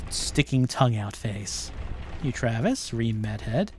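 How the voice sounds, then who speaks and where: A man's voice: mid-range voice, takes it slowly. A man streaming a video game, reading in-game messages aloud and muttering asides in casual commentary.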